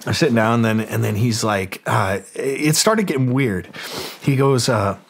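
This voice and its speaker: A man from Canada, somewhere in his forties, telling a story loosely in a podcast interview. His voice sits at a middling pitch. He swears often, keeps saying "like" and "you know", and mimics the people in his anecdote. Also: unhurried, gravelly, a little hiss or hum. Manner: profane, rambling anecdotes full of fillers, acting out quoted voices. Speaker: guest, music producer and DJ.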